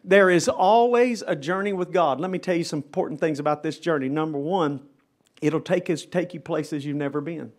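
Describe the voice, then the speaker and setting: A man's voice: a little high, normal speed. Fervent middle-aged man preaching in chapel. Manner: emphatic, dramatic preaching with rising intensity. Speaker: pastor. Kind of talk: live chapel sermon. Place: chapel service.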